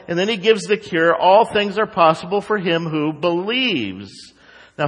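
A man preaches a sermon from the pulpit, his voice pitched a little high for a man. He swings between quiet, confiding stretches and bursts of animated emphasis, with sarcastic asides to the congregation. A long reverb from the sanctuary trails after his words. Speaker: pastor. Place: church sanctuary.

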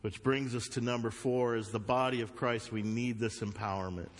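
Emphatic Southern preacher in a reverberant hall. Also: male voice, fairly even intonation, moderate pace. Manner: swings from loud emphatic bursts to low earnest asides. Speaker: pastor. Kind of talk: sermon. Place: church sanctuary.

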